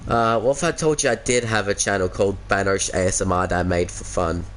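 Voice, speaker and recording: A man's voice: low voice, steady tone, fairly quick, a bit bright, slight background noise. An Australian man chatting casually with viewers on a game stream through a headset mic, laid-back and chuckly, calling everyone mate.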